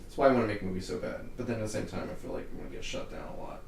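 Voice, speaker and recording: A man's voice: low voice, animated, rapid-fire, vocal fry, far from the mic. A young man hosting a casual podcast chat, ranting heatedly and with lots of swearing. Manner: heated, profane ranting with laughs. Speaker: podcast host. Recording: roomy echo, off-mic, faint hiss.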